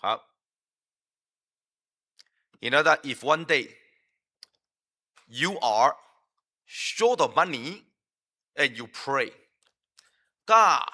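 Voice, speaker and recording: A man's voice: medium pitch, sharp tone. A man preaching a sermon in a church, emphatic and full of rhetorical questions, with frequent fillers and restarts.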